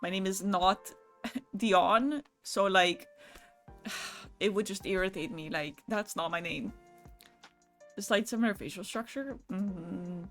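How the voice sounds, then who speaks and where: A woman's voice: mid-range voice, slow, pauses often, a bit bright, faint music behind. A young adult woman streaming live, chatting casually with her viewers, swearing lightly and laughing as she goes. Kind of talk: casual livestream chat with viewers.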